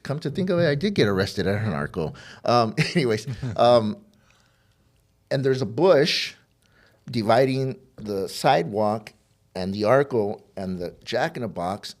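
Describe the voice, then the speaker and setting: A man's voice: mid-range voice, expressive, a little slow. A middle-aged man, a podcast guest, telling a personal story of addiction and recovery, rambling and repeating words as he acts out old conversations.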